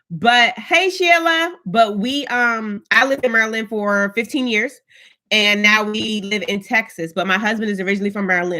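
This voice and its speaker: A woman with a fairly high voice hosts a casual live stream. She chats in an upbeat, loose way and greets each viewer by name as they join. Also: sharp tone.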